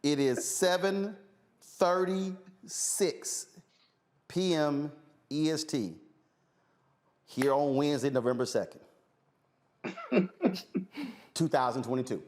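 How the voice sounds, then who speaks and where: A man's voice: on the high side, takes it slowly, long pauses, darkish tone. A man hosting a political talk show, speaking, emphatic and repetitive, preaching at his viewers. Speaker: show host. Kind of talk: fiery political commentary.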